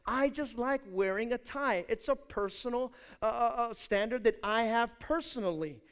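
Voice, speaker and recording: A man preaching a sermon as pastor, emphatic and speaking straight to his congregation, moving between quiet asides and loud declarations. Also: very high voice, moderate pace, clean tone.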